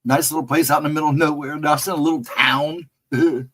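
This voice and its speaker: A man's voice: fairly high pitch, steady tone, a little fast, fairly bright tone, poor audio. Chuckling man rambling through a casual livestream chat. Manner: rambling anecdotal storyteller, chuckling often. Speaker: livestream host chatting with viewers.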